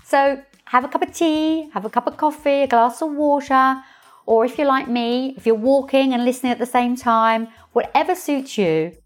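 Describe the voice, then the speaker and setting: A woman hosting her own podcast as a coach, talking straight to listeners with expressive, playful storytelling. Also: high voice, normal speed, soft background music. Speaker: podcast host, coach and hypnotherapist. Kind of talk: solo podcast monologue.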